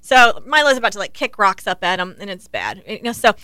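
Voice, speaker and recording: Bright, crisp-voiced American woman storyteller. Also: mid-range voice, a little fast, dry recording. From United States. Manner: animated storyteller, laughs often. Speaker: co-host. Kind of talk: casual podcast chat.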